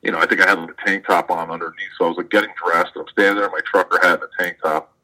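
A man's voice: sits low, little pitch movement, very fast, sharp tone, rough recording. A man, a wrestler being interviewed, telling a rambling, profane story in casual chat full of fillers. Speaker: professional wrestler guest.

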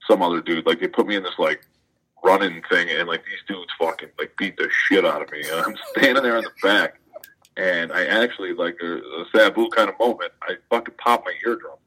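Deep-voiced man telling a rambling story. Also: brisk, pushed and bright, husky, poor audio. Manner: rambling, profane, full of fillers like "like". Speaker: professional wrestler guest. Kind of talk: casual storytelling interview.

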